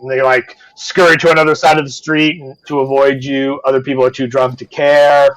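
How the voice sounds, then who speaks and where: Man, game master, live tabletop stream, casual, rambling, swears now and then, mid pitch. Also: level tone, fairly quick, fairly bright tone, low-quality recording. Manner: loose, rambling, full of fillers and swearing.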